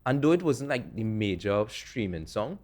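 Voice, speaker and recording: A man's voice: lowish voice, very animated, normal speed, darkish tone. A young man, telling stories in a laid-back way as a music producer on a podcast, laughing often. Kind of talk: casual interview chat.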